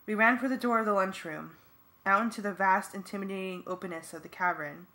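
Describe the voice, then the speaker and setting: A woman's voice: mid-range voice, a little fast, pushed and bright. A woman giving earnest first-person narration for a fan audiobook.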